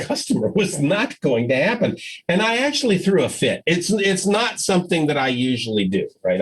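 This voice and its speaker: A man's voice: medium pitch, husky, low-quality recording. An older man giving a conference keynote, telling stories and acting out the voices of the people in them. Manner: animated storytelling, acts out quoted voices. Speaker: keynote speaker.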